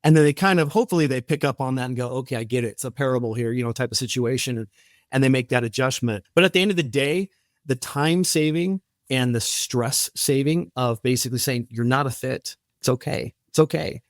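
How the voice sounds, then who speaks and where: A man's voice: medium pitch, a little fast, no echo, clean studio sound. A man as a podcast guest, telling stories and acting out the dialogue, with frequent restarts. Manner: animated storyteller, acts out quoted dialogue, frequent restarts. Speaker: podcast guest, company founder. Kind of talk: storytelling in casual interview.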